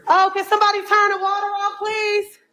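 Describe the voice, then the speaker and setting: A woman filming on her phone while clearing out a dirty house, talking bluntly with lots of swearing and exclamations. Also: very high-pitched, completely flat delivery, fairly quick, bright, forceful tone. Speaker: cleanup crew member filming a house. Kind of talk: casual vlog commentary while working.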